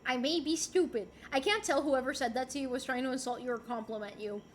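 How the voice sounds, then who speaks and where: A woman's voice: high voice, quick pace, slight background noise. A young woman streaming live, chatting casually and animatedly as she reads chat aloud and laughs often. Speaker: livestreamer.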